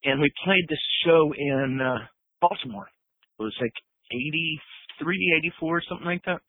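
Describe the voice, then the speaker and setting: A man's voice: on the high side, moderate pace, creaky, slightly rough, no echo. Man on a tinny phone line. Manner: swearing, laughing, acts out quotes. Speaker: guest musician. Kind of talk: animated storytelling.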